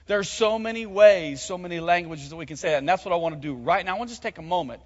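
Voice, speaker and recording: A man's voice: sits high, very fast, hardly any pauses. A man preaching a sermon as pastor, calling on the congregation to join in and speak. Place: church hall. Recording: muffled sound with long hall reverb.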